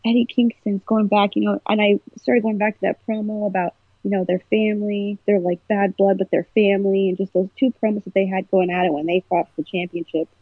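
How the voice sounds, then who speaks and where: On a podcast, a woman with a mid-range voice chats casually, recounting a story with emotion and energy. There's no room sound, and her husky voice sounds tinny, as if over a phone.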